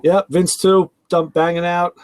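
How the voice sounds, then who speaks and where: A man hosting a casual talk show, telling animated stories and acting out conversations. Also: sits high, a little slow. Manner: animated storyteller, acts out quoted exchanges. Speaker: host. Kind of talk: casual chat about cars.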